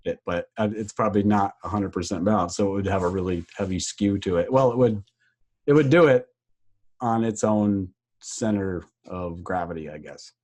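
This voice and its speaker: A man with a fairly low voice, chatting casually as a podcast co-host. He is relaxed and laughs often as he tells stories. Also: moderate pace. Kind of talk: casual chat.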